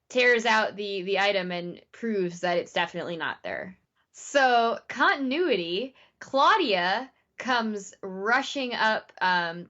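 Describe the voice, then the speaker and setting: A woman co-hosting a podcast, recapping a TV episode in a casual, animated way with lots of fillers. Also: medium pitch, muffled recording. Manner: animated retelling, many "like" fillers. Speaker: podcast co-host.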